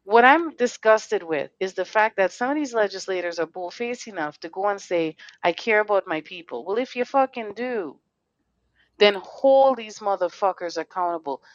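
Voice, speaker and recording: A woman's voice: mid-range voice, lively intonation, moderate pace, no room sound, highs cut off. A woman hosting a casual podcast, talking in a heated, blunt and profane way, firing off rhetorical questions. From Connecticut. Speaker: podcast host.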